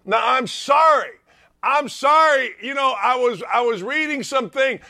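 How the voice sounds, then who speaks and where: A man hosting a sports talk show, delivering a fired-up, emphatic rant that keeps repeating its points and bursts into shouts. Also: extremely high pitch, normal speed, gravelly. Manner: emphatic, ranting, repeats himself, swings into shouts. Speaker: sports radio host.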